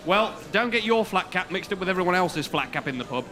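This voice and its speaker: A man's voice: sits high, expressive, quick pace, music in the background. A man playing a flustered, bossy schemer in a radio comedy. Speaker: comedy troupe leader scheming. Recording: clear background noise.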